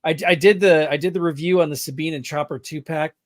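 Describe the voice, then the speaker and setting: A man co-hosting a casual podcast, upbeat and a little hesitant. He fills pauses with "uh" while giving updates. His voice sits a touch higher than most men's, and the recording is dry and close. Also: fairly even intonation, no echo. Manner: upbeat, hesitant with many fillers. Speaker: co-host. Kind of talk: casual livestream chat.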